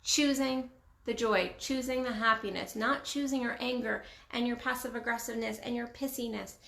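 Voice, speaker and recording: Woman coach vlogging, kinda high voice, punchy and repeats herself a lot, echoey room. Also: steady tone, moderate pace, gravelly, a bit bright. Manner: emphatic, repeats phrases, acts out quoted speech. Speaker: relationship coach. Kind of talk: casual vlog monologue. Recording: roomy echo.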